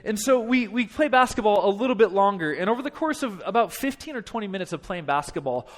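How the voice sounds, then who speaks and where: A man in his thirties, a pastor telling a funny story in a sermon, animated and self-deprecating. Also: high-pitched, quick pace. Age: 30s. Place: church.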